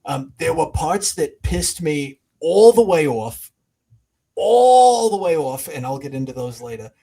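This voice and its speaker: Man as a wisecracking demon puppet, slightly high voice, jokey co-host banter. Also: normal speed, gravelly, dark tone, husky. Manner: jokey, flustered, trails off into laughs. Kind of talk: comedic podcast chat.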